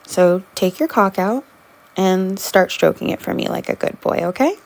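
A woman performing an intimate audio role-play, talking in a soft, teasing way with frequent giggles. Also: mid-range voice, lively intonation, moderate pace.

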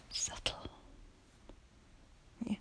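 Woman, whispered role-play, slow and lingering, warm dark tone, teasing, flirty, giggly. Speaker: ASMR performer.

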